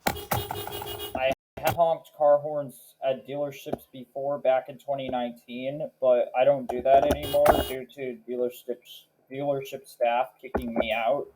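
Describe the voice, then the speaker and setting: A man hosting a reaction video, naming car models one by one in a slow, matter-of-fact way. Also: medium pitch, level tone. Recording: clear background noise with clicks.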